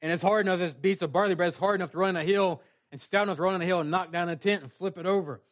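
A man's voice: high voice, steady tone, rapid-fire. A male pastor preaching a sermon, reading scripture and adding folksy asides.

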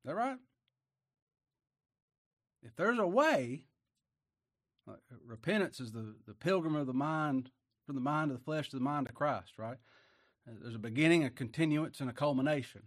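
Preacher guy, kinda high voice, goes soft then booms out, chuckles here and there, dry close sound. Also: expressive, moderate pace, pauses often, no room sound. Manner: rises to loud emphatic bursts, folksy asides, chuckles. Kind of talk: sermon.

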